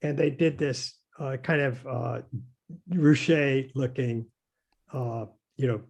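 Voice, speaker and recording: A man's voice: medium pitch, steady tone, slow, gravelly, darkish tone. An older man, a designer, chatting casually and telling anecdotes in a hesitant, rambling way with many fillers and chuckles. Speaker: guest, designer. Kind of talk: casual conversation.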